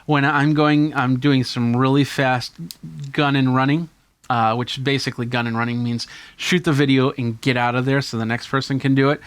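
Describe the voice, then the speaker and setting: A man's voice: mid-range voice, little pitch movement, moderate pace, clear, resonant tone, no echo. A man with a mid-range voice hosts a tech video, walking through his camera gear in an easygoing, enthusiastic show-and-tell. The sound is dry and close. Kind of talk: hands-on gear demonstration.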